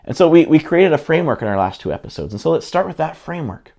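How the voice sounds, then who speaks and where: A man's voice: on the high side, very animated, quick pace, creaky, a little mellow. A middle-aged man, a pastor, teaching a sermon in an earnest, conversational way with frequent restarts.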